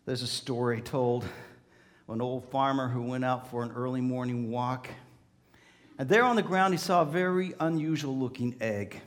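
A man preaching a storytelling sermon, animated, swelling and softening, often repeating words. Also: mid-range voice. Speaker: pastor.

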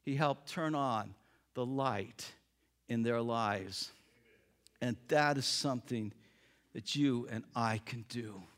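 A man preaching, telling a story with lively acted-out voices. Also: medium pitch. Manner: animated, acts out voices in the story. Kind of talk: sermon storytelling.

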